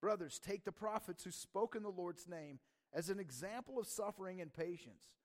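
A man's voice: high-pitched, animated, normal speed. A man preaching a sermon in a casual, conversational way, often checking in with the audience and asking "right?". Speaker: pastor.

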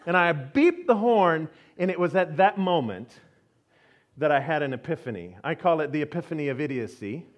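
Brief: male pastor, high-pitched, animated self-mocking storyteller, sermon delivery. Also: a little fast. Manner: animated storytelling, acts out his own voice in quotes; self-mocking, laughs often.

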